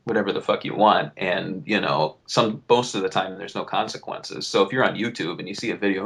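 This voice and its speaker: A young man co-hosting a casual podcast, venting and riffing in an animated way, swearing freely. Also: sits low, brisk, gravelly, few pauses. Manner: animated, swearing, riffs and vents. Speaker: podcast co-host.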